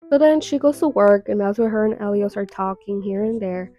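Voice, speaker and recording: A woman's voice: medium pitch, a little fast, hardly any pauses, warm tone, faint music behind. Chatty young woman recapping a story. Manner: chatty, filler-heavy, dramatic reactions. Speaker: webtoon recap vlogger.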